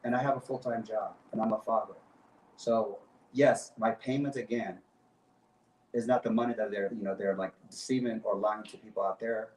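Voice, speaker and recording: This talk show guest, an activist, has a lowish, darkish voice with fairly even intonation and a moderate pace. His speech is passionate and emphatic, full of repeated phrases, though the low-quality recording comes from a distant mic in an echoey room.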